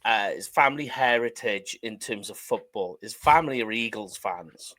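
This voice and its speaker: A man co-hosting a casual sports podcast, relaxed and easygoing, pausing on fillers. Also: lowish voice. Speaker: podcast co-host.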